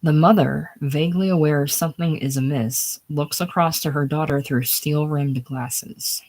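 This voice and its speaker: Screenplay reader, plain and unhurried, middle pitch, drops to a whisper at times. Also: steady tone, darkish tone. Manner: plain, unhurried reading of stage directions, sometimes dropping to a whisper. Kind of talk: casual screenplay reading.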